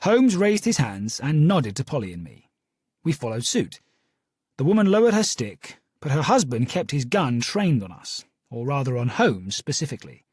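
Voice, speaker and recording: A man narrating a first-person audiobook with a steady storytelling delivery. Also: medium pitch, moderate pace, husky, no room sound, studio quality.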